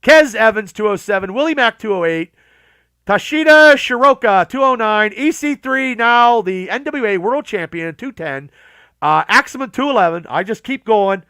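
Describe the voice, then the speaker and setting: Male podcast host, high and smooth voice, dry close sound; reads a long list with blunt, swearing asides. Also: lively intonation, moderate pace, sharp tone, no room sound. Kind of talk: casual podcast list reading.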